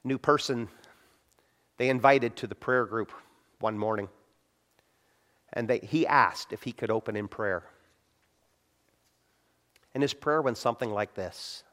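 A man's voice: mid-range voice, unhurried, long pauses, fairly bright tone. A middle-aged male pastor giving a conversational sermon on prayer, acting out short quotes as he tells stories. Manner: conversational preaching with acted-out quotes.

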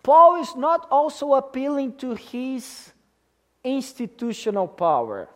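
A man's voice: very high voice, animated, slow. A man preaching a sermon to a congregation in an emphatic way, often checking in with them by asking questions. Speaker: pastor.

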